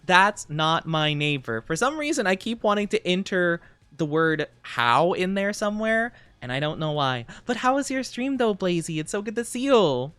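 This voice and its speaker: A man's voice: sing-song, normal speed, fairly bright tone, clear, resonant tone, no echo. Giggly, bouncy-voiced male streamer. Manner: playful, giggly and rambling, with sudden high squeaks. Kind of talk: casual live-stream chat while gaming.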